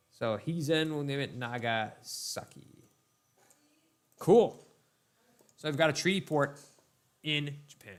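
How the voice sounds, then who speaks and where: Young male gaming host, easygoing chatty commentary over gameplay, mid-pitched voice. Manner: chatty, laid-back, addresses viewers as ladies and gentlemen. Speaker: let's play host.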